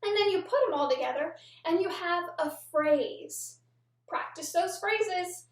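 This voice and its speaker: A young woman teaching a children's movement lesson, speaking slowly and deliberately, word by word. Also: extremely high pitch, expressive. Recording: echoey room, mic far off.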